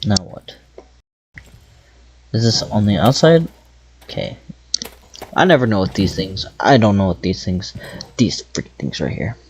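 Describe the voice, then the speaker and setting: A man's voice: lowish voice, big pitch swings, measured pace, long pauses, a little hiss or hum. A man giving casual gameplay commentary, muttering to himself while he plays. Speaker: gameplay video host.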